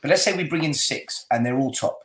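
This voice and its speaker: A man's voice: fairly high pitch, fairly quick. Argumentative man in an echoey room. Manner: probing, argumentative. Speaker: guest panelist. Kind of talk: casual football chat.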